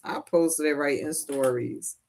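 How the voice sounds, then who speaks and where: A woman's voice: low-pitched, a little slow, gravelly, a little mellow. A woman hosting a live sewing stream, chatting casually with viewers and laughing often. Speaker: livestream host. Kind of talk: casual chat while sewing.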